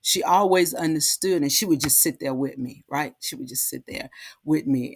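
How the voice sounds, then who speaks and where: A woman hosting a heartfelt, casual talk, halting and repeating herself, often asking "right?". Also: low voice, no echo, studio quality. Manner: halting, repeats words, frequent "right?" tags. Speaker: host.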